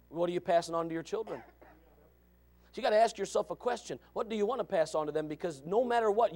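A male pastor preaching a fiery sermon, swinging from shouts to low asides. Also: fast.

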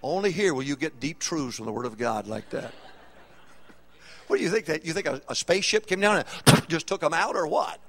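A middle-aged man preaching a humorous, animated sermon as a pastor in a church auditorium, with call-and-response questions to the congregation. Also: a little high, brisk.

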